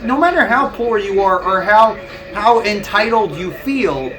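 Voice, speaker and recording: A man's voice: high voice, a bit bright, low-quality recording. A man on a live stream, chatting casually and ranting with heavy swearing and frequent laughs. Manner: profane, ranting, laughs often. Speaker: livestreamer.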